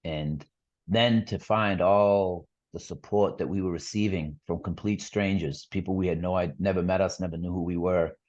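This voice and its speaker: A man's voice: deep voice, steady tone, normal speed, darkish tone, muffled recording. A middle-aged man, a podcast guest, telling his story earnestly in a rambling casual way with lots of fillers and restarts.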